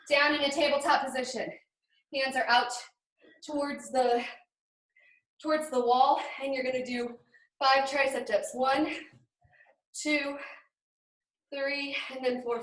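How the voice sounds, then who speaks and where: A woman's voice: high voice, fairly even intonation, takes it slowly, pauses often, fairly bright tone. A woman fitness trainer leading a live home workout, upbeat and counting reps, often out of breath. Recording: echoey room, far from mic.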